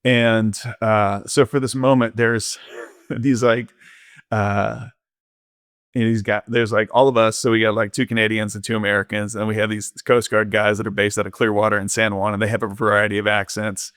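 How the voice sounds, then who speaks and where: A man's voice: fairly low pitch, little pitch movement, moderate pace, a bit bright, dry recording, studio quality. A man, a podcast guest, telling an ocean-rowing story candidly, rambling with lots of fillers. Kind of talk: casual storytelling interview.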